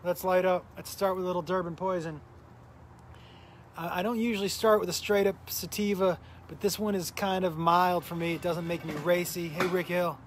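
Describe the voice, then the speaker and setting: A middle-aged comedian with a high voice chats casually on a live stream, telling a rambling story and greeting viewers by name. His tone is steady and his pace normal, though he sounds a little tired as he recovers from illness. A slight hiss or hum can be heard.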